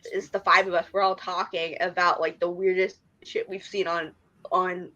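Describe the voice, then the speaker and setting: A woman co-hosting a podcast, telling a story in lively casual chat and often restarting her sentences. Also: fairly low pitch, moderate pace, lo-fi sound. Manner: animated storyteller, trails off and restarts. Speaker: podcast co-host.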